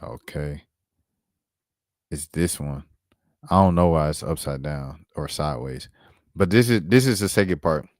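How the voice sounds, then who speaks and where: His pitch is extremely low, and he speaks unhurriedly, pausing often, in studio-quality audio with no room sound. The man hosts a relaxed basketball commentary stream, using slang like "bro" and "dog" often and multitasking by pulling up clips while he talks.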